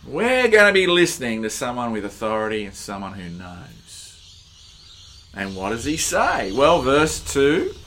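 A man preaching a sermon, slow and emphatic, pushing hard on key words. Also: medium pitch, huge pitch swings, fairly bright tone, slight background noise.

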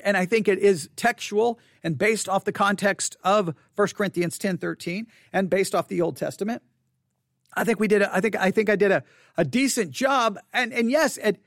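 A male pastor giving a livestreamed sermon in a church sanctuary, candid and self-deprecating, telling a story with lively restarts. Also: sits high, dry recording, studio quality.

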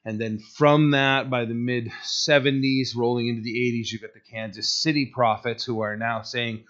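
A man's voice: medium pitch, fairly even intonation, normal speed, a bit bright. A man giving a conversational sermon, rambling with many fillers and restarts. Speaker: preacher. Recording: dull lo-fi recording.

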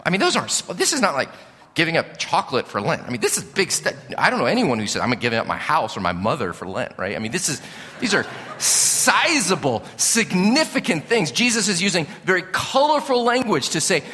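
A man's voice: high-pitched, wildly swooping pitch, fairly quick, pushed and bright, in a large hall. A male pastor preaching a sermon in an earnest, pleading, emphatic way, with rhetorical questions.

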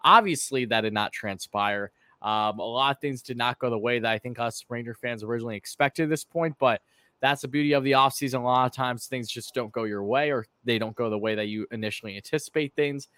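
A man's voice: mid-range voice, a little fast, sharp tone, no echo. A man hosting a casual live-stream sports podcast, chatty and run-on, with fillers and restarts. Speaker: podcast host.

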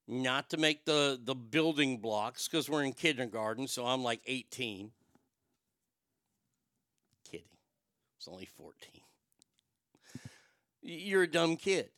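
A middle-aged man telling a long personal story in a profane, wisecracking way, with quick asides and voices for the people in it. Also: medium pitch, a bit bright, clear, resonant tone, dry recording, studio quality. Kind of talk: casual storytelling monologue.

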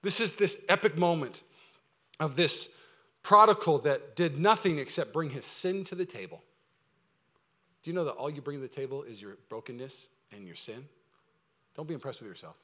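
A man preaching a sermon to his church, talking in an energetic, conversational way with humor, swinging between loud emphasis and quiet intensity. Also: a little high, moderate pace, long pauses. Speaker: pastor. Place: church service before a congregation.

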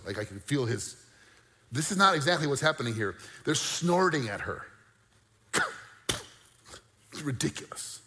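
A male pastor delivering an animated sermon, with bursts of mock disbelief and a conversational, joking aside. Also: medium pitch, in a large hall. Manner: animated preaching with mock-incredulous outbursts.

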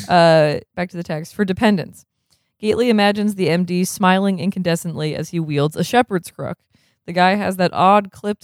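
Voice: mid-range voice, dry recording, studio quality. A reader reading a novel aloud, chuckling often and breaking off for casual comments.

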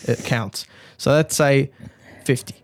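A man's voice: mid-range voice, slow pace. A man hosting a casual podcast, rambling and joking with plenty of swearing. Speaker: podcast host.

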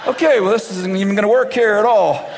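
A man preaching a humorous sermon before a live audience, laughing often and acting out the dialogue of the story he tells. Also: high-pitched. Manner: jokey, laughs often, acts out dialogue in quick voices. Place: large church hall before a live audience. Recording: reverberant hall with faint audience and noise.

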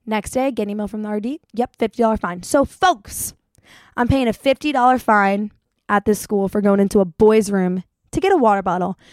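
Speaking straight to viewers in a casual storytelling vlog, a young woman acts out the quotes of the characters in her long, chatty, animated tale. Her pitch is an ordinary middle range, her pace brisk, and the sound close and dry without echo.

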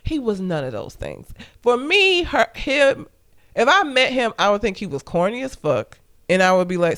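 Woman going thru a movie plot, swears a lot, kinda high voice, smooth and clean. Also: sing-song, moderate pace, a bit bright. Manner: blunt, profane, joking. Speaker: podcast co-host. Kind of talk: casual movie recap chat.

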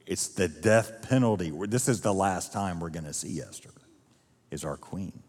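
A man's voice: lowish voice, moderate pace, in a large hall. A male pastor preaching a sermon, retelling a story vividly with casual asides to the congregation. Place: church auditorium.

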